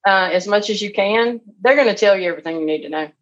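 A woman, a guest on a business podcast, talking in a chatty, animated way and acting out phone calls. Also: mid-range voice, quick pace, highs cut off. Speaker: real estate investor guest. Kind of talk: conversational interview.

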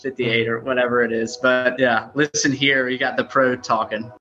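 A man's voice: medium pitch, flat delivery, normal speed, pushed and bright, dull audio. A man co-hosting a podcast, talking casually and heaping praise on his colleague. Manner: enthusiastic, full of praise. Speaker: company leader, podcast co-host.

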